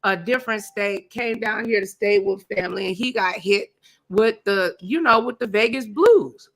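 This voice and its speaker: A woman hosting a casual gossip chat, telling a story loudly and dramatically and acting out what people said. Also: medium pitch, normal speed. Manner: loud, dramatic storytelling with laughs and acted-out quotes. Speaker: host. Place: Las Vegas area, at home.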